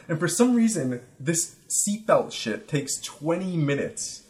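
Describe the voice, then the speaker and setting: A man's voice: a little high, a little slow. A young man casually telling a long story on a podcast, rambling and swearing, with lots of "like" and "you know". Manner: rambling, profane, animated retelling with quoted voices. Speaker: podcast guest.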